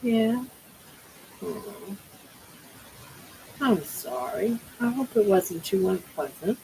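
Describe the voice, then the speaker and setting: A woman's voice: medium pitch, lively intonation, drawn-out words, darkish tone, slight background noise, low-quality recording. An older woman hosting a casual livestream from home, cooing baby talk to her pet. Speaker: livestream host.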